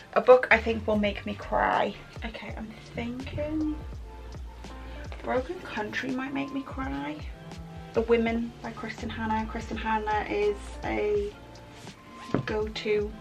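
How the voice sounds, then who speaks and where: Chatty young woman with a gravelly edge. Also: medium pitch, rough recording. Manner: chatty, thinking aloud, many ums. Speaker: book vlogger. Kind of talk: chatty reading vlog.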